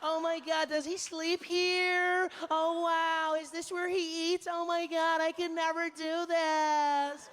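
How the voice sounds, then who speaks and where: A man voicing an overexcited tourist gushing in a stranger's home, high and breathless. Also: level tone, takes it slowly, few pauses, a bit bright, exaggerated voice.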